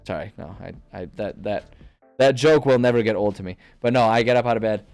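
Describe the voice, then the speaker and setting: A man with a low, smooth voice talks casually on a live stream as he plans a tabletop campaign. He thinks aloud, rambles and corrects himself mid-sentence. He speaks into a desk mic, with faint music playing behind him. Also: fairly quick, a little mellow. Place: home desk, indoors. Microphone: desk microphone.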